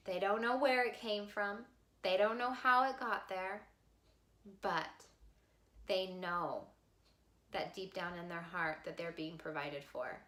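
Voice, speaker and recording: A woman vlogger telling a personal story to camera in a heartfelt, expressive way. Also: medium pitch, slow, echoey room. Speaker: vlogger sharing a life lesson.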